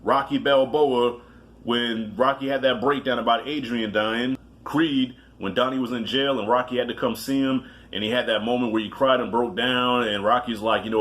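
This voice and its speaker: A man counts down his favorite movies in a casual, rambling way, full of restarts and swearing. His pitch sits in a middle range for a man, and he jokes at his own expense as he goes. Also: fairly even intonation, normal speed, fairly bright tone. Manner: loose and profane, with self-mocking asides. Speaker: movie reviewer.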